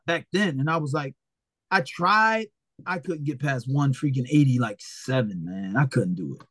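A man with a notably high speaking voice, recorded close and dry with no room sound. He tells his stories as an interview guest in a blunt, animated way, full of profanity, and slips into the voices of the people he quotes. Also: normal speed, dry recording. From Philadelphia, USA. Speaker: retired boxer, interview guest. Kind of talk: casual storytelling interview.

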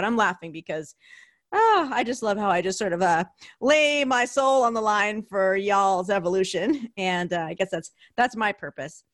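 A woman's voice: medium pitch, lively intonation, normal speed. A woman hosting a podcast, chatting enthusiastically with many fillers and restarts. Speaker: podcast host. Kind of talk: casual podcast chat.

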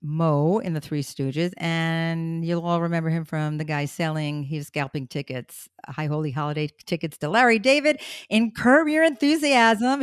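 Host type: middle-aged woman from Brooklyn, lower voice, bubbly, dry close sound. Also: no room sound. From Brooklyn, New York. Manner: chatty, bubbly, breaks into song. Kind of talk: casual interview chat.

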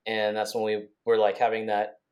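A man co-hosting a podcast, recounting events in a casual, rambling way with many restarts and quick bursts. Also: fairly low pitch, monotone, darkish tone. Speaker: podcast co-host. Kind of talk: casual conversational storytelling.

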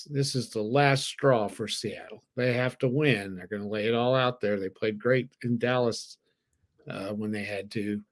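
A man's voice: on the low side, fairly even intonation, normal speed. A man co-hosting a sports betting podcast, giving picks in an easygoing way and thinking aloud with fillers. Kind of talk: casual sports betting chat.

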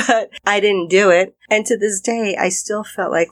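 A woman's voice: mid-range voice, normal speed, few pauses, no echo. A woman hosting a self-help podcast, talking straight to the listener in an encouraging, conversational way. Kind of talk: motivational podcast monologue.

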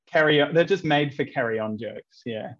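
A man's voice: mid-range voice, normal speed, a little hiss or hum. An English-born man, a comedian guest on a podcast, rambling in casual chat with many ums and chuckles. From England. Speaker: comedian and street performer, guest. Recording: dull lo-fi sound.

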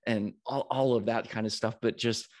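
A man's voice: mid-range voice, steady tone, moderate pace. An American man in his forties hosts a podcast interview over a video call, talking energetically with many restarts and easy laughter. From United States. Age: 40s. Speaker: podcast host. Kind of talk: casual interview chat.

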